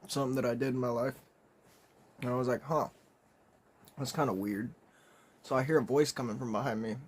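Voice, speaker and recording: A young man telling a comedic story in a casual, rambling way, swearing often and clearing his throat and coughing. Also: medium pitch, steady tone, quick pace, background noise.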